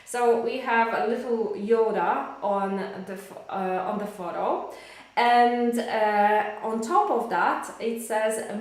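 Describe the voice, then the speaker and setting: A Polish-accented woman runs a live online English lesson, chatting to viewers and reading out their comments. She speaks slowly and sits a little high in pitch. The room around her is very echoey. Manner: chatty, addresses viewers warmly, reads out comments. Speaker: English teacher.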